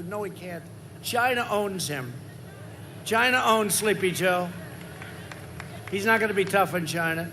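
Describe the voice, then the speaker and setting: A man in his seventies giving a rambling, repetitive campaign rally speech, swinging into loud emphasis. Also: sits high, moderate pace, long pauses, a little hiss or hum. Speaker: politician at a rally.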